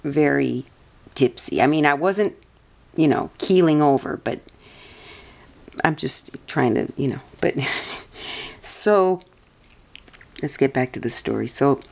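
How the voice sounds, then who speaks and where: A woman telling a rambling personal story in a soft voice, meandering, correcting herself and often laughing. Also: extremely low pitch, animated, slow pace, gravelly, pauses often. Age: adult. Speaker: vlogger.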